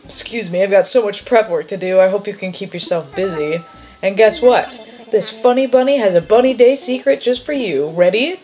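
A woman's voice: medium pitch, moderate pace, darkish tone, natural voice. A woman reading aloud the lines of a chirpy male bunny in a costume, in a sing-song rhyming patter. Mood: cheery. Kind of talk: reading game dialogue aloud.

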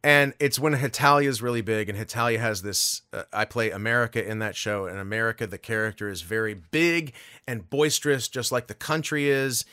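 A man, a guest voice actor, telling a story in a casual interview, animated and swearing freely. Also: mid-range voice, fairly quick, no room sound, studio quality.

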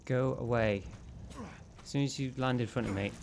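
A man playing a horror game on his channel and talking through it. His voice sits at an ordinary middle pitch, and he swears often and breaks into sudden panicky outbursts when he gets scared. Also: normal speed, vocal fry, darkish tone, a little hiss or hum. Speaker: gameplay channel host. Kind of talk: horror let's play commentary.

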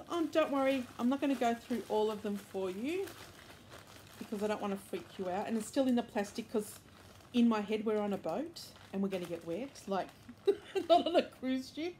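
A woman's voice: on the high side, a little mellow, a little hiss or hum. Chatty woman showing her crochet. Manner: chatty and rambling, with fillers and self-corrections; enthusiastic, upbeat. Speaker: crochet and knitting podcast host. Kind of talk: casual show-and-tell chat. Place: indoors at home, bedroom.

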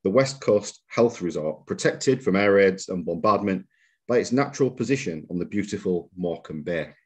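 Male museum lecturer, somewhat low and husky, measured lecture delivery. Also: lively intonation, darkish tone. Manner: measured, reads out quotations, occasional fillers. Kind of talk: public history lecture. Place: lecture room.

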